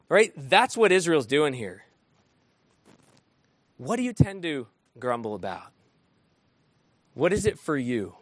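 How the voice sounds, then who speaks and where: A man preaching an interactive sermon, animated and often asking his listeners questions. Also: a little high, unhurried, long pauses, dry recording. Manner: animated, asks the room questions.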